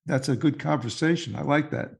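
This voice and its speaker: A man's voice: a little high, a little fast, vocal fry, slightly rough. A man hosting an interview, steering the guest with conversational questions. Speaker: host.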